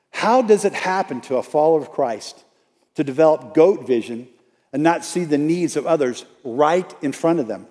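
A man's voice: fairly high pitch, a little mellow. A middle-aged man preaching a sermon in a church, emphatic and conversational, with many rhetorical questions. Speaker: pastor. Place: church sanctuary. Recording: long reverb of a large hall.

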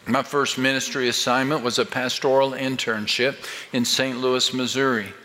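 A man's voice: mid-range voice, little pitch movement, normal speed, sharp tone, slight background noise. An older man preaching a sermon as pastor, speaking emphatically and building his point through rhetorical questions. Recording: long reverb of a large hall.

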